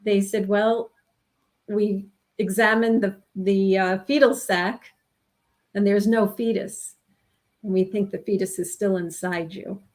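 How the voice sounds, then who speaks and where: A woman in her sixties from New York, telling a personal story in an interview, earnest and halting with frequent restarts. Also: medium pitch, steady tone, darkish tone. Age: 60s. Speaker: guest telling her experience.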